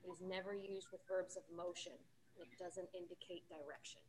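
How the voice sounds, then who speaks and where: A woman's voice: lowish voice, flat delivery, brisk, a little hiss or hum, low-quality recording. A woman in a Bible study group, carefully explaining a point from her notes. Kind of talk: answering in class.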